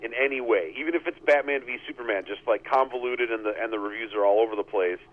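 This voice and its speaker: A man co-hosting a podcast, chatting casually with blunt, opinionated remarks and halting restarts. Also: medium pitch. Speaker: podcast co-host. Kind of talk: casual chat. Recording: tinny phone-line sound.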